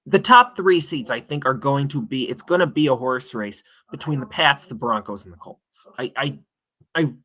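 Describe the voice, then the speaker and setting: A man co-hosts a football talk stream, opening with stammered restarts before settling into analysis. His voice is bright and forward, at a middle pitch. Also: animated, moderate pace. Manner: hesitant starts, then analytical. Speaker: co-host. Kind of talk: casual sports talk stream.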